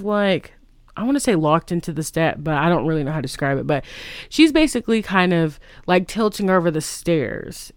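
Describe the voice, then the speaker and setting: Casual film plot recap, rambling, lots of "like", mid-pitched voice, dry close sound. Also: clear, resonant tone, dry recording. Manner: rambling, full of "like" and restarts.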